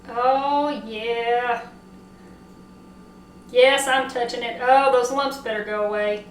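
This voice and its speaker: A woman with a Southern accent hosting a casual cooking demo, chatting excitedly and talking to herself as she works. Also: a little high, slow, long pauses, background noise. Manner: chatty, excitable, talks to herself while working. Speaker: cooking show host. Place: home kitchen. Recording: echoey kitchen, mic at a distance.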